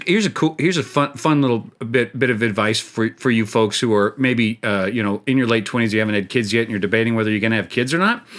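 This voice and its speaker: A man's voice: mid-range voice, fairly bright tone. A middle-aged man hosting a gaming show, telling a rambling, self-mocking story while he plays and often laughing at his own jokes. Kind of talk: casual storytelling while playing a game.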